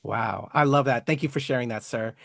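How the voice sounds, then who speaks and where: A man's voice: medium pitch, a little fast, creaky, no echo, clean studio sound. A man interviewing an actor, effusive and respectful, praising the guest and calling him sir. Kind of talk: enthusiastic interview host.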